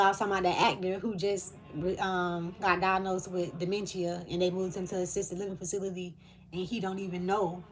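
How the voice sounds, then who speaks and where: A woman speaking, delivering a channeled spiritual message in an earnest, emotional way with hesitant fillers. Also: medium pitch.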